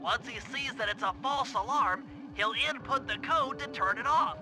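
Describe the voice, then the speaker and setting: Fussy male turtle genius, very high voice, patient step-by-step explainer, video game dialogue, music underneath. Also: moderate pace. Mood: instructing. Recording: game audio over music.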